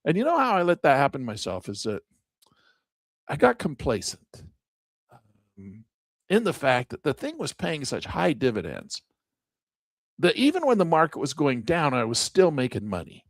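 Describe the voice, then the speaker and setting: An animated man talks through his investing calculators, piling up repetitions and poking fun at himself. His pitch leaps high and drops low through each thought. The sound is dry and close, with no room around it. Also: normal speed, pauses often, dry recording. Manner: animated, repetitive, self-mocking asides. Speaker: finance educator. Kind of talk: casual screen-share tutorial.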